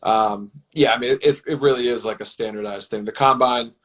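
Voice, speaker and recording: A man, a football team's personnel director, answering interview questions in a measured, explanatory way. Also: mid-range voice, fairly even intonation, a bit bright, poor audio. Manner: measured, explanatory, with many fillers.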